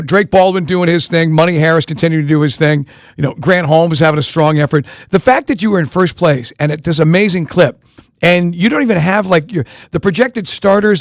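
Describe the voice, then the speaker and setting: A man hosting sports talk radio, racing through his points in a high, quick voice. He rambles and jumps between ideas with animated energy, recorded dry and close on a studio mic. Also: no room sound.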